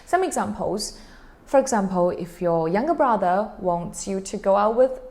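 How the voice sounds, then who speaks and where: A woman's voice: mid-range voice, animated, moderate pace, darkish tone. A woman from China, a language teacher who explains phrases to learners and acts them out with exaggerated annoyed intonation.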